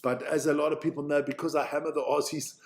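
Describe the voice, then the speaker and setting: A South African man live-streams himself watching rugby, chatting casually, thinking out loud and swearing freely. His voice is a little high, with little pitch movement, and he talks at a quick pace.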